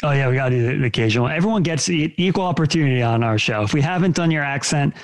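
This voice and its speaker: A man's voice: a little high, expressive, rapid-fire, no room sound. A man co-hosting a podcast, upbeat, agreeable and jokey in casual chat. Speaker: podcast co-host.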